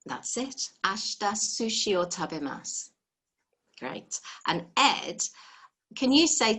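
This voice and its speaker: A woman's voice: medium pitch, big pitch swings, slow, sharp tone. A woman teaching a live online language lesson, explaining patiently step by step and encouraging her students over a video call.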